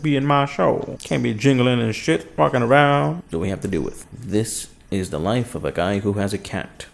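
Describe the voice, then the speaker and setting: A man's voice: medium pitch, normal speed, gravelly, few pauses. A young man hosting his own web show from his living room, talking in a crude, self-mocking, rambling way. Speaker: host of a home web show. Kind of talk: casual rambling comedic monologue.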